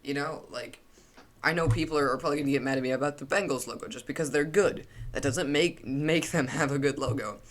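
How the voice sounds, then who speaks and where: A man's voice: medium pitch, a little fast. A young man giving a casual, opinionated commentary while ranking logos, rambling with frequent restarts and fillers.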